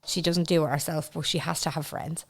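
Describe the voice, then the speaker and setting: A woman's voice: low voice, steady tone, brisk. An Irish woman co-hosting a podcast, chatting casually in a wry way and swearing freely. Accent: Irish, Dublin with a slight northern lilt. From Ireland. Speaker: podcast co-host. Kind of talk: casual chat.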